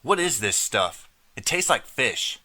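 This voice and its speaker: A man's voice: mid-range voice, big pitch swings, measured pace, sharp tone, dry recording, pitched above the performer's own voice, full character voice. A man voicing a drunk, sneering teenage boy bully in an audiobook, sarcastic and menacing. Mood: angry.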